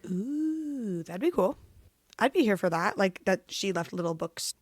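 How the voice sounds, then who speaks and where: A woman co-hosting a book club podcast in a casual, excitable way, laughing often. Her voice sits at a middle pitch and is recorded dry and close. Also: measured pace, breathy edge, no echo. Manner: excitable, laughs often, reads quotes aloud. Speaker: podcast co-host.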